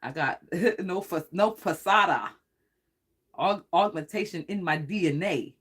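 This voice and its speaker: A psychic tarot reader with a mid-range voice does an informal livestream reading, speaking a little slowly. Excitable and rambling, the reader frequently laughs and swears.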